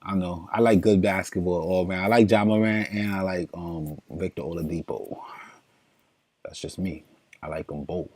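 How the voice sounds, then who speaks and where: A man's voice: low-pitched, fairly even intonation, moderate pace, darkish tone, no room sound. A man, casually streaming while building fantasy basketball lineups, thinking aloud in loose slang and chatting with viewers. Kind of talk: casual livestream chat.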